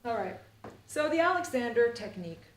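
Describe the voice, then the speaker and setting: A woman's voice: a little high, big pitch swings, brisk. Chatty middle-aged woman teacher, echoey room. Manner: rambling, playful and chatty, full of "you know" and "like". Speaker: Alexander Technique teacher. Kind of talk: live-streamed workshop teaching. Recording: roomy echo with faint ambient noise.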